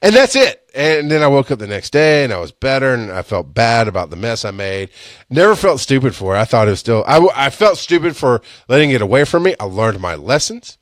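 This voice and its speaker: A man hosting a podcast, telling a personal story in a casual, animated way, laughing and swearing, with sudden loud high-pitched outbursts. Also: fairly quick, no room sound, studio quality. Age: adult with a young son. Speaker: podcast host.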